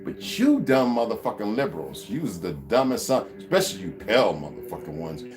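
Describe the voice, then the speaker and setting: With faint music playing behind him, an American vlogger talks fairly quickly through a heated monologue. He swears, mocks, and lets his pitch swing in lively fashion during the profane rant.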